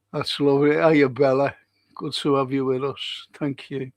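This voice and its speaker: Hosting a relaxed livestream, this older Liverpool man, also a historian, greets viewers and responds to their comments. He speaks at a moderate pace in a medium-pitched, level voice, and the recording is dry.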